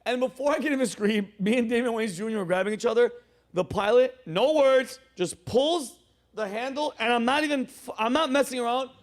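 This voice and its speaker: Man, comedian host, high voice, casual storytelling, animated loud quoting. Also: brisk. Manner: animated, loud acted-out quotes and laughter.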